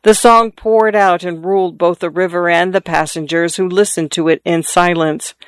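A narrator reading a classic story aloud in a measured, even manner. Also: mid-range voice, clean tone, no room sound.

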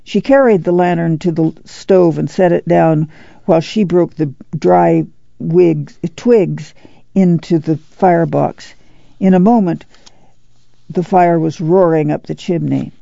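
A woman reading a novel aloud as audiobook narrator, steady and unhurried. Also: low-pitched, creaky, no room sound, lo-fi sound.

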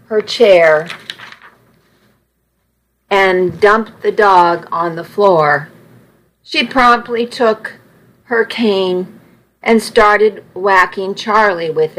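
Female narrator, first-person story, very slow, measured. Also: mid-range voice, fairly bright tone, rough recording.

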